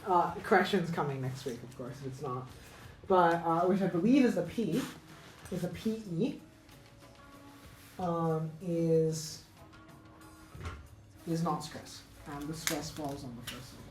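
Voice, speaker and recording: A woman teaching an unscripted grammar lesson, halting and correcting herself, with many fillers. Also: sits low, lively intonation, darkish tone. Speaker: English teacher. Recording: echoey room with faint music.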